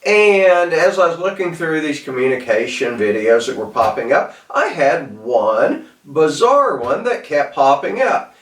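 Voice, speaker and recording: A man's voice: on the high side, animated, a little slow, fairly bright tone. A man with a Southern accent giving a casual, rambling talk on self-improvement, in a folksy way with many restarts. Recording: echoey room, mic at a distance.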